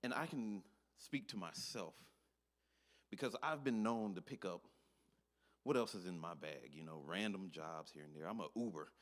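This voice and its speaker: A man's voice: low-pitched, moderate pace. A man preaching a short sermon in a conversational, earnest manner, peppered with "you know". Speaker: speaker, preacher.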